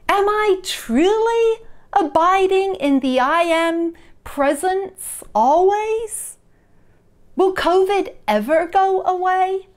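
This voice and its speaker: Lady pastor giving a sermon, slow and high, leads everyone in repeating affirmations. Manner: expressive, rising to emphatic peaks and dropping to hushed tones. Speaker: minister. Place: church, recorded for online service.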